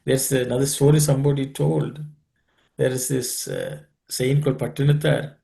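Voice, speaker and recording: A man leading a scripture study group on a video call, explaining and telling stories in an unhurried, thoughtful way with many pauses. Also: medium pitch, little pitch movement, vocal fry, dark tone.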